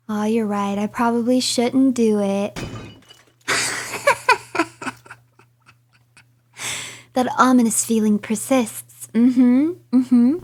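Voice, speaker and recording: This virtual streamer, a woman playing a game live, reads out hints and then bursts into comic mock-outraged rants with repeated phrases. Her voice is fairly high-pitched with a darkish tone.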